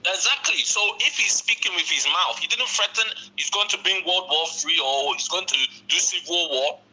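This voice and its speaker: A man's voice: sits high, normal speed, sharp tone, husky. A man calling in from abroad with a British-Nigerian accent, blunt and emphatic. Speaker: caller. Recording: tinny phone line.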